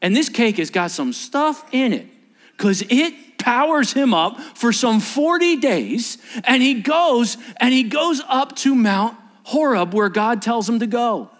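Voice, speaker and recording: A male pastor preaching a sermon with animated storytelling, swinging from loud emphasis to hushed asides. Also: very high-pitched, unhurried.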